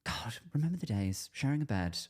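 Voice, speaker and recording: A man's voice: mid-range voice, very animated, brisk, a little mellow. A man from Cornwall hosting a comedy podcast, chatting in a camp, playful, teasing way. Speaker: podcast host. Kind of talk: casual comedic chat.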